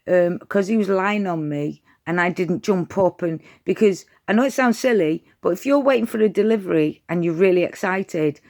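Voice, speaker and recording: A woman gives dog training advice in a chatty, direct vlog style, addressing viewers as "you lot." Her voice is mid-range and a little mellow.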